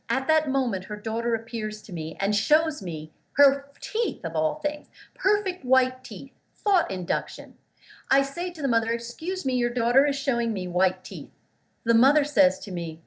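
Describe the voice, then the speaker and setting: Emphatic woman telling a story, slightly high. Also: big pitch swings, measured pace. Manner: earnest, emphatic, acts out quoted voices. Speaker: guest, relationship therapist. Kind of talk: interview storytelling.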